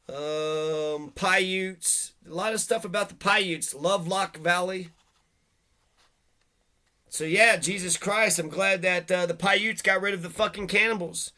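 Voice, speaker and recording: A video host with a high voice reads local history aloud, stumbling over words, then launches into a cursing rant delivered with a bright, sharp edge.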